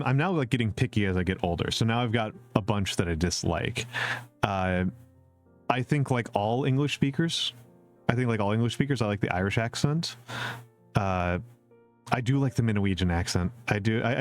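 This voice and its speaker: Low-voiced man rambling on a stream. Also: lively intonation, brisk, soft background music. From Upper Midwest US. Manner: rambling, repeats phrases, many fillers; chuckles at his own jokes. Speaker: VTuber streamer answering viewer questions. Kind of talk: casual live-stream chat.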